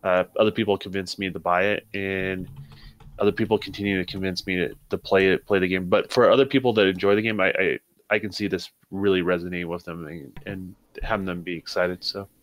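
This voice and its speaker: A man on a gaming panel, giving measured and thoughtful opinions with some hedging. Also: sits low, steady tone. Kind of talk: casual gaming chat.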